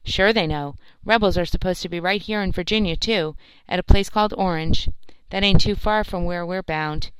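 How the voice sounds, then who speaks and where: A woman's voice: fairly low pitch, normal speed, clean tone, dry recording, close to an everyday voice, poor audio. A woman voicing a big, pipe-smoking soldier who talks in a knowing, boastful way, in a storybook.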